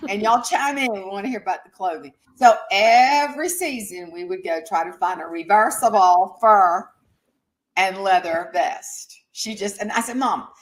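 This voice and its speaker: A woman's voice: medium pitch, normal speed. A middle-aged woman with a Southern US accent, animatedly telling a family story as a guest and acting out her mother's lines. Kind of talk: casual storytelling.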